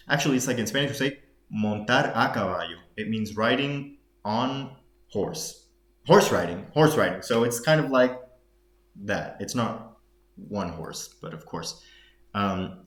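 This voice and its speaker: A man's voice: on the low side, roomy sound. A man explaining Arabic phrases in English during a reading lesson, thinking aloud with many fillers and restarts as he switches between the two languages. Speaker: Arabic dialect teacher.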